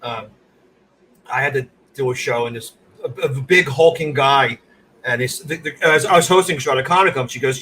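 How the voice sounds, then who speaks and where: A man's voice: mid-range voice, brisk, bright, forceful tone, a little hiss or hum, poor audio. A man co-hosting a comedy podcast, telling rambling anecdotes and restarting his sentences. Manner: rambling anecdotal, self-interrupting. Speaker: comedian co-host. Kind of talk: casual comedy podcast chat.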